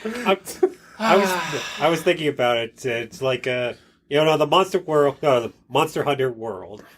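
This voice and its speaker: A man with a fairly high voice, rambling eagerly about game trivia on a casual podcast. He strings his points together loosely with fillers. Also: lively intonation, moderate pace, slight background noise. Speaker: podcast guest. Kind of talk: casual gaming podcast chat.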